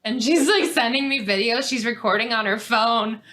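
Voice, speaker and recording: A woman's voice: fairly high pitch, moderate pace, sharp tone. A young woman co-hosting a podcast in casual chat, laughing often and cursing for comic effect. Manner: laughing, swearing, playful asides. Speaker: podcast co-host.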